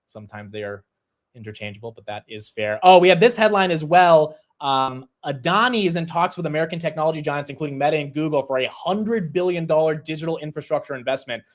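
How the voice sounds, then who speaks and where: Man, livestream host, casual market commentary, energetic, chatty. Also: a little high, quick pace. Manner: conversational, energetic, fillers like "you know". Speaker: stock market show host.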